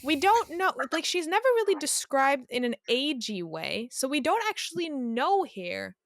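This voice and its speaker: Lively higher-voiced woman, dry sound. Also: normal speed, dry recording. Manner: lively, thinks aloud with fillers. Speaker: podcast co-host. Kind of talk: casual chat.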